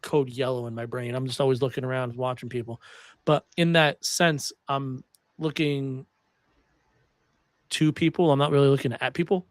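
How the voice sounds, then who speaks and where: A young man hosting a podcast, chatting casually and telling animated stories with some swearing. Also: mid-range voice, normal speed, no echo. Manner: animated storyteller, swears freely. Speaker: podcast host. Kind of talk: casual chat.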